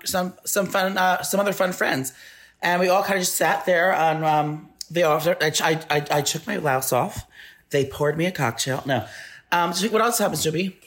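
Casual rambling male podcast co-host. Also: fairly high pitch. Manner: rambling, animated anecdote with frequent restarts. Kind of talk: casual storytelling chat.

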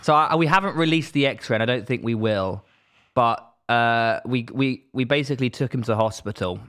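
A man's voice: mid-range voice, moderate pace, fairly bright tone, clean tone. A man co-hosting a podcast, telling stories animatedly in casual chat and swearing casually. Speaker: podcast co-host.

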